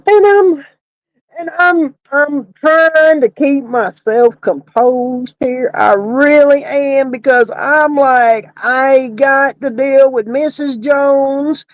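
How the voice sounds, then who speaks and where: A woman's voice: sits high, slow, dry recording, lo-fi sound. A woman who works at a funeral home, telling a comic story in a casual way and laughing often as she talks.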